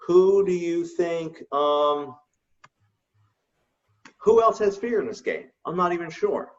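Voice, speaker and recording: A man co-hosts a casual gaming chat, voice a bit high and sitting back from the microphone. The recording is muffled and lo-fi. He tells stories in an animated way and laughs often. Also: slow pace, recorded from a distance. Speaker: co-host.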